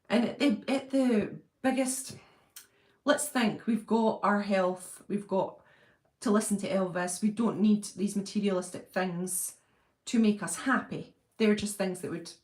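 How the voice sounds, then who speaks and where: A woman hosting a relaxed live stream, chatting freely and breaking into laughter as she answers viewers' comments. Her voice sits in a middle register. The room around her gives it a noticeable echo. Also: mid-range voice. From Britain. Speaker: channel host reading live chat. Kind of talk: casual live-stream chat. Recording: roomy echo.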